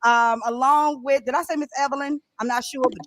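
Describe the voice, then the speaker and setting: A woman co-hosting a radio talk show, chatting casually and excitably and laughing often. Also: high voice, fairly quick, slight background noise. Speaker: podcast co-host.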